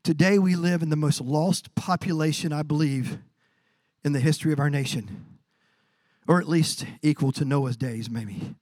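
A man preaching a sermon as pastor, building to drawn-out shouted emphasis. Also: on the high side, no echo.

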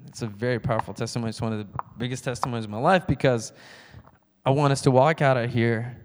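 In a church, a man shares his personal testimony during a sermon, loudly acting out phone conversations. His voice is mid-range with a darkish tone, and the sound carries a long reverb tail.

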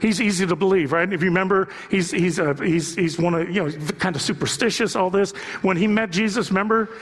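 A man's voice: high voice, brisk, husky. A man preaching a sermon as pastor, talking conversationally and joking with the congregation, asking them rhetorical questions. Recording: long reverb from a large hall.

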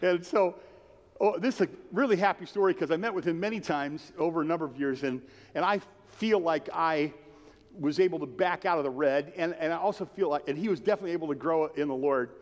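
A man preaching a passionate, conversational sermon. His voice sits high, and he keeps asking the congregation questions. The sound rings with the long reverb of a church hall. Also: a little fast. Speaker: pastor.

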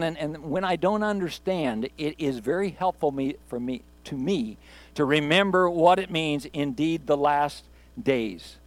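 A man's voice: fairly high pitch, moderate pace, no room sound. A man preaching a sermon as pastor to his congregation. He talks in a conversational way, repeats phrases for emphasis and asks the room questions. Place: church sanctuary with congregation.

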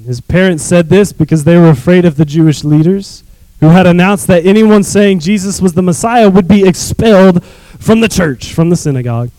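Man, youth pastor, animated sermon, high voice, dry close mic. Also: moderate pace, dry recording, poor audio. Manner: animated, asks congregation to repeat phrases. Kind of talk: sermon reading scripture.

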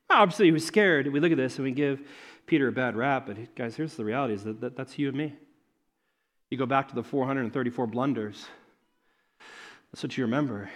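Animated male pastor preaching. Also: fairly high pitch. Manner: animated, swings from loud excitement to soft hushed tones; acts out characters in quick asides. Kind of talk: sermon.

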